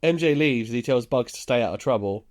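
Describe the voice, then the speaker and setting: Brief: male podcast co-host, relaxed plot-recap delivery with easy chuckles. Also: medium pitch, quick pace. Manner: laid-back storytelling, chuckles while recounting scenes. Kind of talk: casual film recap.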